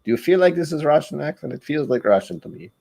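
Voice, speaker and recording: A man's voice: a little high, expressive, fast, gravelly, mellow. A man hosting a casual whiskey tasting vlog, chatty and rambling, who stumbles over words when he reads aloud. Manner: rambling, chatty, self-deprecating. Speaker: whiskey channel host.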